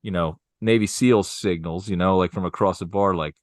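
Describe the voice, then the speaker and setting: A man casually telling a story on a podcast, animated and acting out the voices of the people in it. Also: low voice, normal speed, dry recording, clean studio sound.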